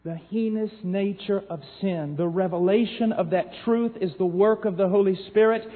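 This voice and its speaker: Male preacher with a high voice, fiery sermon delivery from hush to shout, tinny recording in an echoing hall. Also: steady tone, normal speed. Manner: impassioned, swinging from hushed to shouting.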